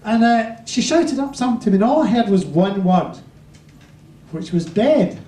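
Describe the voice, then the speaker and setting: Scottish man with a warm, mellow voice. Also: sits high, expressive, normal speed. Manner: rambling, building to a punchline. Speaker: musician telling stories on stage. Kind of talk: stage anecdote to a live audience. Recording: roomy, distant stage mic.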